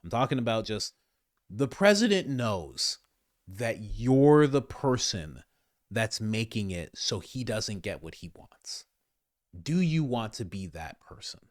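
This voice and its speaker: A man's voice: medium pitch, a little slow, dry recording, clean studio sound. A middle-aged man hosting casual political commentary, talking straight to his viewers in a conversational way. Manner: animated, conversational, addresses viewers directly.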